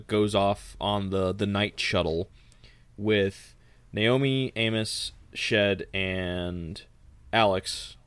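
A man's voice: on the low side, fairly bright tone, smooth, dry recording. A man from Texas co-hosting a podcast, summarizing a book casually, easygoing, with stammering restarts. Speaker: podcast co-host.

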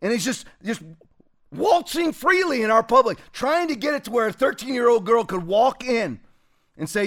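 A man, a pastor, delivering a combative sermon-style commentary and shouting at times. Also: sits high, fairly quick.

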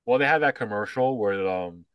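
A low-pitched man talks in loose, rambling podcast chat, blunt and swearing freely. His voice sounds dry and close, with little room around it. He leans on fillers and restarts as he piles up his opinions. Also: lively intonation, normal speed, clean tone, dry recording, highs cut off. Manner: mocking voices when quoting others. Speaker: podcast co-host. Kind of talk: casual chat.

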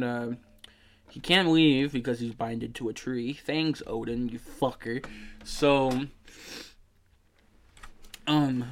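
Male podcast host, sleepy and yawning; slow, smooth delivery; rambling, profane game recap. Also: mid-range voice. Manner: rambling, swearing, many fillers and restarts. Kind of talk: casual video game story recap.

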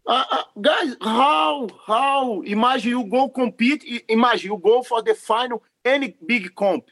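Male guest, high voice, emphatic and earnest. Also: a little slow, fairly bright tone. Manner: earnest, broken non-native English, emphatic. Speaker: podcast guest, jiu-jitsu referee. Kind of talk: casual interview talk.

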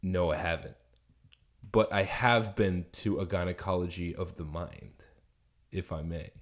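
A man's voice: deep voice, a little slow. A man co-hosting a comedy podcast, chatting casually with dry, mock-serious jokes. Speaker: podcast co-host.

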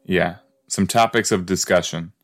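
A man's voice: deep voice, fairly even intonation, moderate pace, fairly bright tone. A man hosting a casual watch-along podcast, chatty and full of exclamations, often trailing off mid-thought. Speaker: podcast host reacting to a sitcom.

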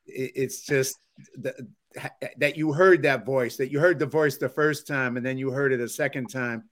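A man hosting a podcast interview, reacting in a halting way as he searches for words. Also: medium pitch, fairly even intonation. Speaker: podcast host. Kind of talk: casual interview chat.

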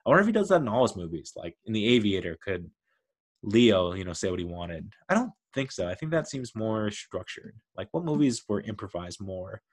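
Guy rambling on his movie podcast, kinda low voice, lots of uhs and likes, really into it. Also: big pitch swings, brisk. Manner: rambling, enthusiastic, lots of fillers and laughs. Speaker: podcast host. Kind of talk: casual movie review podcast.

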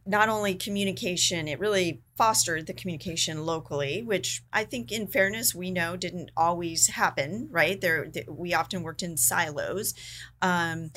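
A woman with a very low voice hosts a podcast interview, talking in a conversational, affirming way. A faint noise sits under her voice. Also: moderate pace, a bit bright. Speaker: podcast host, association executive director.

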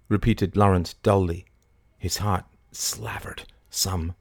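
A man narrating a novel in a low, measured storytelling voice. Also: no echo. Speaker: audiobook narrator. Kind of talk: scripted narration.

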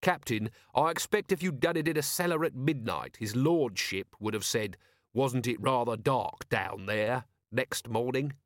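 A man's voice: medium pitch, measured pace, dry recording, lightly acted. Man voicing a wry, weary watch commander. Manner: dry, sardonic, even-toned.

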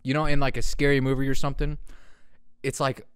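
A man's voice: mid-range voice, level tone, fairly quick, clean tone, dry recording, studio quality. A young man hosting his own podcast, rambling in casual profane talk and laughing at his own jokes. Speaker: podcast host. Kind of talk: casual solo podcast rant.

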